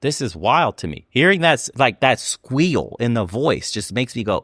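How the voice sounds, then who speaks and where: A man's voice: medium pitch, big pitch swings, moderate pace, few pauses, fairly bright tone, no room sound, studio quality. A man hosting a reaction show, ranting bluntly and sarcastically with a lot of profanity. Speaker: host reacting to clips.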